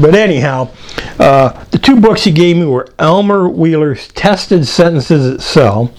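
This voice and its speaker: Animated older man telling a story. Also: fairly high pitch. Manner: animated, acts out voices in anecdotes. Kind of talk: personal storytelling talk.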